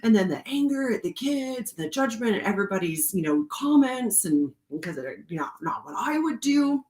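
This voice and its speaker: A woman casually telling a personal story with many fillers, now and then jumping into a high voice to act out what she said. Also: big pitch swings, moderate pace, a little mellow, roomy sound. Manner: chatty, many fillers, acts out quotes in a high voice. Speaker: host of a card reading channel.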